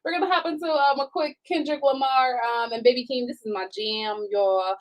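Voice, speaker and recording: A woman with a slightly high voice co-hosting a relaxed live show. She jokes, teases back and hesitates often with ums between thoughts. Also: moderate pace, hardly any pauses, low-quality recording. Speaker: radio show co-host. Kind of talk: casual chat. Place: home studio streaming live.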